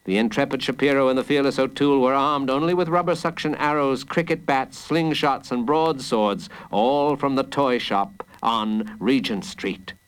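A man reading a children's adventure story aloud in an expressive, dramatic way. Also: mid-range voice, normal speed, hardly any pauses, smooth, poor audio. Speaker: narrator.

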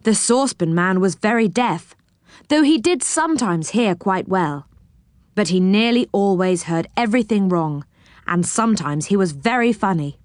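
A woman reading a children's storybook aloud, expressive and clear. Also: medium pitch, normal speed, no echo, studio quality.

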